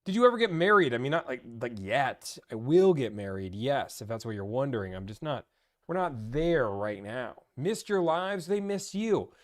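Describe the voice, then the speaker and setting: A young man hosting a casual livestream, talking in an energetic, rambling and playful way. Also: medium pitch, moderate pace. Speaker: livestream host and car deal negotiator.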